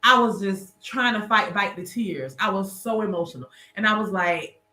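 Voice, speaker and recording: A woman's voice: mid-range voice, moderate pace, bright, forceful tone, roomy sound. A woman guest in a casual interview, telling her story earnestly and with animation.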